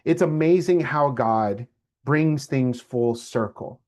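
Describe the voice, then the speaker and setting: A man's voice: medium pitch, slow. A middle-aged man, a lecturer telling a personal story to his class and acting out the voices of the people in it. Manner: animated storyteller, acts out quoted voices.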